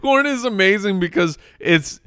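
A man co-hosting a comedy podcast, excitable and argumentative, laughing easily. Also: high-pitched, moderate pace, clear, resonant tone, no echo, studio quality. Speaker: podcast co-host. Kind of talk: casual comedy podcast banter.

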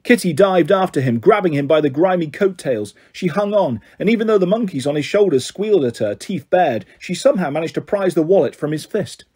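A man reading a children's novel aloud in steady first-person narration, giving voices to the characters. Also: fairly high pitch, fairly quick, hardly any pauses, husky. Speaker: storyteller.

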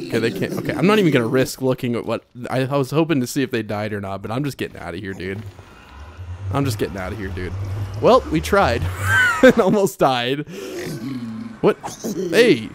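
Excitable young man narrating a game. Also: mid-range voice, noisy background. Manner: animated, yelps and repeats himself when panicked. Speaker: let's play host. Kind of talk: excitable gameplay commentary. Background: soft game music.

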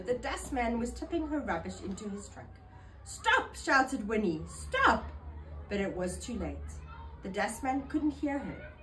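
A woman reading a children's picture book aloud in an expressive, animated storytelling manner. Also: medium pitch, a little hiss or hum, rough recording.

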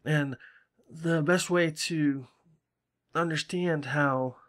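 A man's voice: fairly high pitch, steady tone, very slow, fairly bright tone. A man from Salem, chatting casually and swearing freely while commenting on his game. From Salem, Massachusetts. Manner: rambling, profane, chatty. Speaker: gaming channel host.

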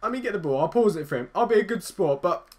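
A young man giving excitable, swearing commentary over his own football video game match, teasing his opponent. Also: high-pitched, fast talker, a little hiss or hum. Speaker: gaming YouTuber. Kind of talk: live gameplay commentary.

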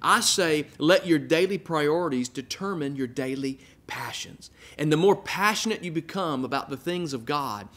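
A male pastor delivering a sermon, speaking earnestly, repeating phrases for emphasis and letting line endings fall quiet. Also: on the high side, animated, moderate pace, few pauses.

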